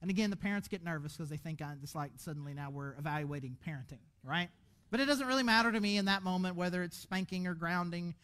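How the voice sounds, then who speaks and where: Animated high-voiced male pastor preaching. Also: fast. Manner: animated, conversational preaching with frequent restarts. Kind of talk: sermon. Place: church auditorium.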